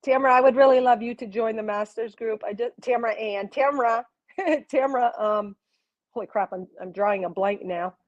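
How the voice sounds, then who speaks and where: A woman with a fairly high voice, live-streaming as a spiritual reader and channeler. She talks effusively, exclaiming often and laughing easily. She speaks straight to her viewers in the comments. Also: moderate pace, lo-fi sound.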